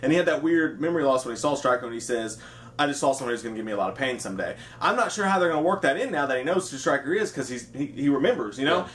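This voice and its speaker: A man's voice: medium pitch, lively intonation, rapid-fire, fairly bright tone, a little hiss or hum. A man co-hosting a casual movie review chat, laid-back and rambling, with plenty of swearing.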